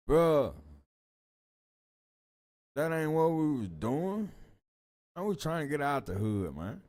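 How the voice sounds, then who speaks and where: Slow-talking male reaction host, drawling slang, casual commentary. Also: a little high, big pitch swings, a little mellow.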